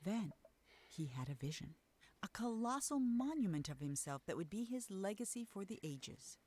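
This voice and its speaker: A woman narrating a game's fairy tale in a soft, measured storytelling voice over faint background noise. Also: medium pitch, sing-song. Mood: wistful. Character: calm female storybook narrator, gentle and wistful. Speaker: game narrator.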